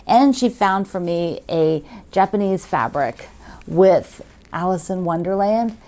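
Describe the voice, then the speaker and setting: A woman's voice: lowish voice, lively intonation, slow pace, warm tone. A woman hosting a quilting video, chatting casually and gushing as she opens fan mail, laughing often. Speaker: quilting show host.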